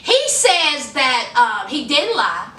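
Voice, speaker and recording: A high, animated woman talks slowly and chattily, calling her viewers honey and y'all. Her voice is bright, and it sounds roomy because the mic is set back from her. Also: far from the mic. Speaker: gossip vlogger. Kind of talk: casual celebrity gossip.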